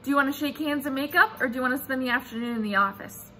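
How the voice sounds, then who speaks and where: A woman voicing a stern male teacher who corrects grammar in a flat, measured tone. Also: sits high, slight background noise.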